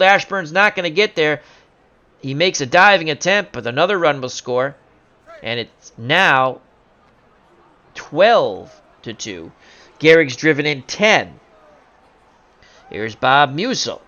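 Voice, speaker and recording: A man doing jokey play-by-play commentary on a simulated baseball game, bursting into loud excitement on big plays. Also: mid-range voice, highs cut off.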